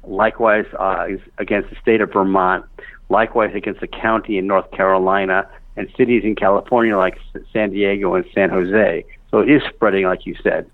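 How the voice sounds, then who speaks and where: A middle-aged man speaking as a guest over the telephone, steady and factual, with many fillers. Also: low-pitched, normal speed, no echo. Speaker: phone-in guest. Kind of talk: phone interview. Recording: dry, tinny phone line.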